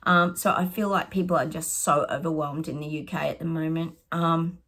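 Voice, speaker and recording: A woman's voice: sits low, steady tone, moderate pace, a bit bright. A middle-aged Australian woman, a psychic giving casual predictions, chatty and sarcastic, often laughing.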